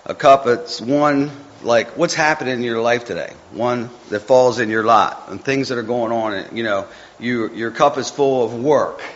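Speaking at normal speed in a medium pitch, a man gives an informal devotional talk. He's folksy and rambling, dropping chatty asides to his listeners, and the audio sounds muffled with faint ambience behind him.

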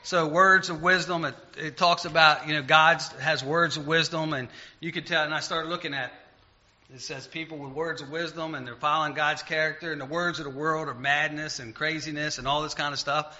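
A man giving an informal sermon in a folksy, rambling, self-deprecating way, slowing down when he reads scripture. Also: fairly high pitch, fairly even intonation, bright, forceful tone. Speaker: lay preacher. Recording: dull lo-fi recording.

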